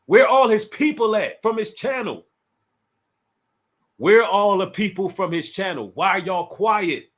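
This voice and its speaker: This D.C.-area streamer keeps things casual, needling a rival and chatting straight with his audience. His voice sits high and sounds a bit bright, animated yet unhurried.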